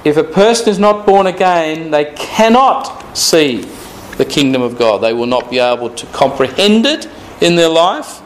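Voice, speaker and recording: A man's voice: a little high, lively intonation, moderate pace, a little hiss or hum, rough recording. A man teaching through the Bible verse by verse, reading scripture aloud and stressing key words with rhetorical questions. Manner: repeats phrases, asks rhetorical questions.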